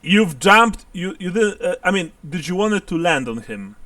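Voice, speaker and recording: A man narrating as game master of a tabletop game, halting and full of fillers. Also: high voice, very animated, bright, forceful tone, no echo, distant mic.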